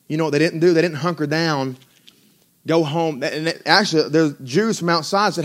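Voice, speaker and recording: A man preaching a sermon as pastor, mixing conversational asides with rising, drawn-out emphasis. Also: on the high side. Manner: conversational asides with self-deprecating laughs.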